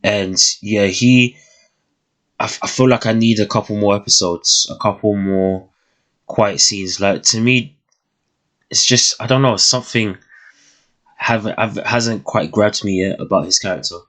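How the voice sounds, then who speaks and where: A young man with a fairly low voice talks through his thoughts on a new series. He sounds casual and reflective, and he often stops, restarts and searches for the right word. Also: unhurried, fairly bright tone. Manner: thoughtful, hesitant, many restarts and fillers. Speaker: TV reviewer. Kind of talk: casual spoken review.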